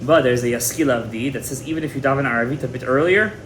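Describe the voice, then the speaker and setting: A man teaching a Torah class to a live audience in an animated, emphatic way, mixing in many Hebrew terms. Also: medium pitch, fast talker, a little hiss or hum. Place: indoor room with a live audience. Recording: echoey room with faint ambience.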